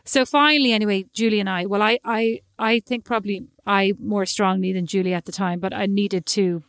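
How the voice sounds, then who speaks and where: A woman's voice: mid-range voice, steady tone, brisk, fairly bright tone, no echo. Woman chatting away, telling a story and doing everyone's lines, dry close mic, no room sound. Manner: chatty storyteller, acts out quoted exchanges. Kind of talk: casual chat.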